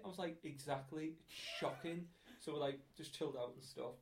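A man's voice: on the high side, brisk, slight background noise. A man telling crude, laughing anecdotes in a casual chat.

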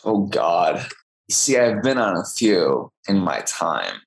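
Low-voiced young man from Texas. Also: sing-song, slow, creaky, poor audio. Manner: chatty, self-deprecating, with small restarts. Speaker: guest actor. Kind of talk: casual interview storytelling.

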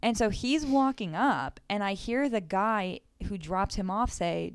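Gravelly-voiced woman telling a wild story. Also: mid-range voice, a little slow, hardly any pauses. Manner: animated, swearing, exclaiming. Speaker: podcast co-host. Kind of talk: casual storytelling.

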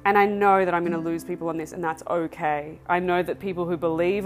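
A woman's voice: lowish voice, steady tone, fast talker, faint music behind. A woman hosting a podcast, telling her own faith testimony in a candid, emotional way. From Australia. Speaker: podcast host.

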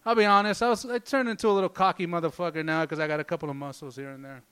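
A man's voice: on the high side, fairly even intonation, racing, bright, forceful tone, clean tone. A man doing a stand-up comedy set, rambling loosely and swearing constantly. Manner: profane, rambling, loose delivery.

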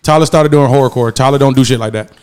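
A man's voice: mid-range voice, fast, a little mellow, clean tone. A young man in casual chat, bantering with emphatic, profane pushback. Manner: emphatic, profane banter, pushes back hard.

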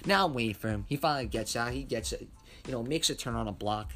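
A man telling a personal story in a casual, heavily profane and animated way. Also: medium pitch, a little fast. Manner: animated, heavy cursing.

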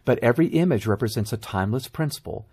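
A middle-aged man, a guest author on a talk show, telling parenting stories in a casual, animated way. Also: medium pitch, fast talker, breathy edge. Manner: storytelling, animated anecdotes.

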